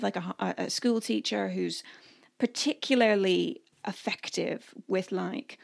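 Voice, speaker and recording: A woman in her thirties from Canada co-hosting a podcast, telling a story in a chatty, animated way and often laughing. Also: mid-range voice, vocal fry. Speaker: podcast co-host. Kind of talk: casual storytelling chat.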